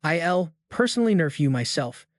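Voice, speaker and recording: A man's voice: fairly high pitch, big pitch swings, moderate pace, no echo. A man voicing a taunting undead headless knight boss in a comic recap, in his own voice. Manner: taunting, haughty.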